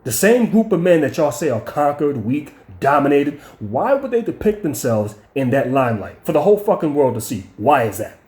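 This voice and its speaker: A man's voice: on the high side, big pitch swings, normal speed, few pauses, a little mellow. Blunt, cursing man in an echoey room. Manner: blunt and profane, repeats words when heated. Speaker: channel host. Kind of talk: profane storytelling rant.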